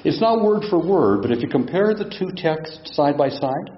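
A man with a fairly high voice and a lively, rising and falling delivery preaches a sermon. He teaches from scripture and puts questions to his listeners. The sound is echoey and dull, as in a lo-fi church recording. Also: normal speed. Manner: teaching, asks the congregation questions. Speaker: pastor.

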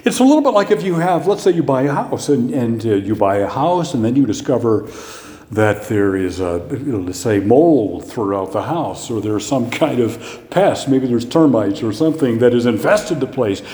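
A man's voice: mid-range voice, lively intonation, moderate pace, dark tone. A man preaching a sermon as pastor, in a conversational style, asking rhetorical questions and answering them himself. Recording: echoey hall with long reverb.

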